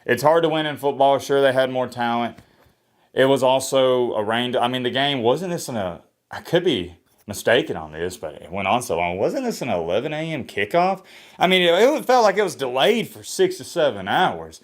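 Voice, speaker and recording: A man doing a solo sports reaction vlog. He talks in a blunt, opinionated way, with energetic swings in pitch and a slightly hoarse voice. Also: normal speed. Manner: opinionated, blunt trash talk. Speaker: sports vlogger. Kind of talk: solo college football reaction.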